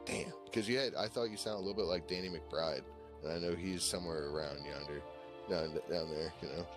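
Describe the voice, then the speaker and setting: Deep-voiced rambling Virginia man. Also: a little fast, over music. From Virginia, USA. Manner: rambling, profane, full of fillers. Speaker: voice-call participant. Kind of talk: casual chat on a voice call.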